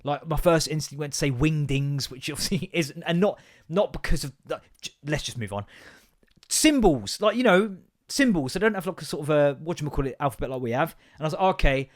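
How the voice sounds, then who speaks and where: A man hosting a podcast, telling rambling, sweary stories in an animated, comedic monologue. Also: on the high side, brisk. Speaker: podcast host.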